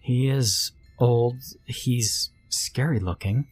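A man's voice: medium pitch, slow pace, darkish tone, slightly rough, soft background music, pitched above the performer's own voice. A man voicing a frightened, timid young boy whose voice shakes and cracks as he pleads near tears. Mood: uneasy.

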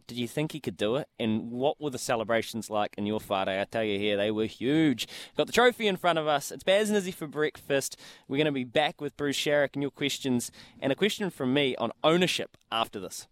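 A man's voice: mid-range voice, no room sound. A man with a New Zealand accent, a breakfast radio host who asks questions with an upbeat presenter delivery. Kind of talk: radio hosting and interviewing.

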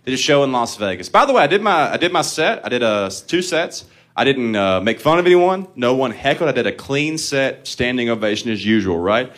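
A man's voice: mid-range voice, very animated, brisk, fairly bright tone, slight background noise. A man doing a stand-up comedy set, telling profane, self-deprecating stories and chuckling at his own lines.

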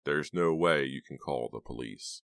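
A man voicing a smug, calm teenage boy who is a killer in an audiobook, speaking coolly and self-satisfied. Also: very deep voice, measured pace, gravelly, no room sound, clean studio sound, heavily acted. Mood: cold. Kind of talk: audiobook character voice.

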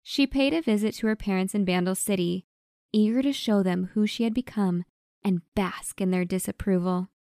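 A woman's voice: mid-range voice, normal speed, dark tone, no room sound. Female storybook narrator, wry and dramatic, dry close sound.

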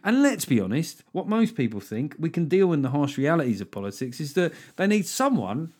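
A man's voice: fairly high pitch, big pitch swings, a little fast, a little mellow. A young English man hosting a podcast alone, chatting casually with sardonic, rambling asides and frequent swearing. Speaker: podcast host. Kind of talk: casual solo political chat.

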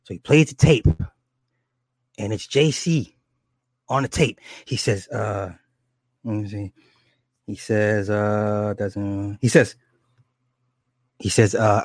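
A man casually retelling a horror movie's plot in a rambling, animated and profane way, with many restarts. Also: fairly low pitch, slow, long pauses, no room sound, clean studio sound. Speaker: storyteller recounting a horror movie.

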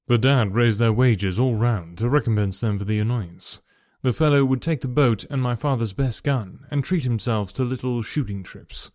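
A man voicing a troubled young gentleman who earnestly recounts a family ordeal. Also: medium pitch, no echo, clean studio sound, close to an everyday voice. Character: young gentleman, troubled, telling of his father's ruin.

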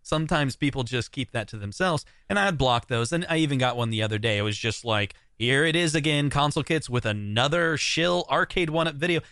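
Male podcast guest, casual animated storyteller, mid pitch, dry close mic. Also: fairly quick, few pauses, no room sound. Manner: animated storyteller, acts out quoted comments. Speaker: guest, YouTuber. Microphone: remote recording mic.

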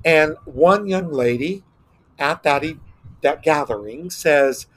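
A middle-aged man from Texas, a guest telling animated stories in a casual interview, acting out quotes as he goes. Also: on the high side, slow. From Texas, United States. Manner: animated anecdotes with acted-out quotes.

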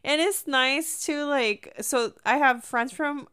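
A young woman hosts a podcast, telling a casual story in a high, pushed, bright voice at a slow pace. Chatty and full of "like," she switches back and forth between English and Spanish.

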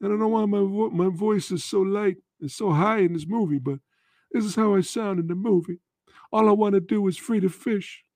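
A man putting on a high, light, airy voice to imitate a spaced-out young man from a film. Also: normal speed, a little mellow, no room sound, studio quality, natural voice. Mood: dreamy.

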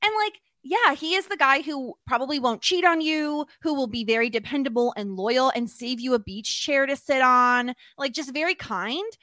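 A woman's voice: sits high, normal speed, few pauses, no room sound, clean studio sound. A woman talking in casual podcast chat, chatty and full of fillers. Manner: chatty, filler-heavy, animated. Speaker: podcast guest.

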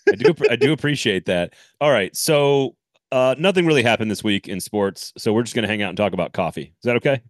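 A man co-hosting a casual sports podcast, animated and rambling, often laughing and restarting. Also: mid-range voice, quick pace, dry recording, clean studio sound. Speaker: podcast co-host.

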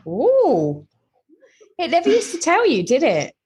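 A woman's voice: high-pitched, wildly swooping pitch, a little slow, a little mellow. A woman co-hosting a podcast, chatty and giggly, joking at her own expense over a video call. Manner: chatty, giggly, self-deprecating. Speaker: podcast co-host. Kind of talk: casual chat.

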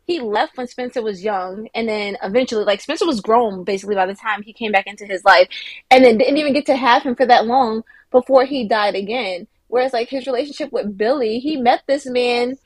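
A woman guest on a podcast, chatting about a TV show in a relaxed, slangy way. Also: on the high side, brisk, no echo. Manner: relaxed, slangy, agreeing asides. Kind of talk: casual TV recap chat.

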